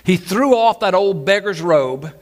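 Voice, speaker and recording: A man preaching a Sunday sermon, his voice sitting a little high for a man. He repeats key phrases and bursts into acted shouts when he quotes. It sounds like a live church service. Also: lively intonation, unhurried. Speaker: pastor. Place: church sanctuary.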